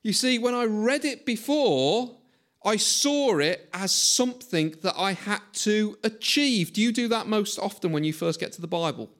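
Middle-aged man, pastor, relaxed sermon delivery with rhetorical questions and a slightly raised pitch. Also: normal speed. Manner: chatty, self-mocking, asks listeners questions. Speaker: preacher. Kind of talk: conversational sermon.

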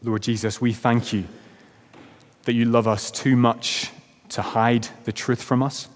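A man's voice: medium pitch, flat delivery, unhurried. A man preaching a sermon as pastor, then leading a closing prayer. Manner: reads a story aloud with rising, shouted quotes. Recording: long reverb of a church hall.

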